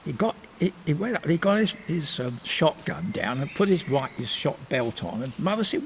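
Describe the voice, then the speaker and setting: Gravelly older man reminiscing. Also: on the high side, very animated, moderate pace, few pauses, slight background noise. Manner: rambling anecdotal storyteller, meandering with restarts. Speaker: interviewee. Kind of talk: reminiscing in a casual interview.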